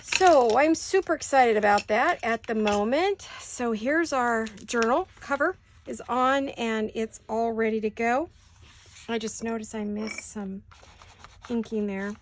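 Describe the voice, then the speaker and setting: A woman's voice: fairly high pitch, measured pace, a little hiss or hum. A woman hosting a craft video from her home studio, chatting and thinking aloud as she works, with the hiccups. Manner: chatty, thinks aloud while working, asks viewers questions. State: has the hiccups. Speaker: craft channel host. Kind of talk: casual craft-along chat.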